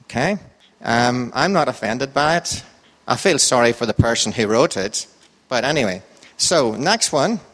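With a mid-range, slightly bright voice and lively intonation at a normal pace, an Irish man gives a casual Bible talk with a quiz to a church group. His lilting, sing-song delivery rises and falls, he's chatty and joking, and a long reverb from the hall trails his words.

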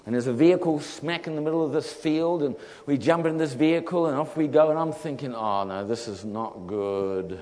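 Male preacher, animated storyteller, slightly high voice, in a reverberant hall. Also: quick pace, few pauses. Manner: animated storyteller, acts out voices, laughs often.

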